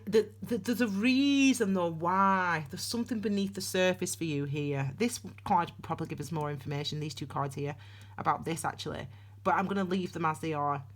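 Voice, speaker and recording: Chatty woman, lower voice. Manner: chatty, rambling, self-interrupting with frequent restarts. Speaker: tarot reader. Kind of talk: casual spoken tarot reading. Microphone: solo to camera.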